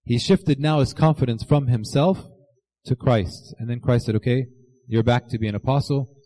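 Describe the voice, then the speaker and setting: A man delivers a sermon in a warm, mellow voice. He speaks earnestly and addresses his listeners directly, slowing down to quote scripture and the saints. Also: mid-range voice, poor audio. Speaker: preacher.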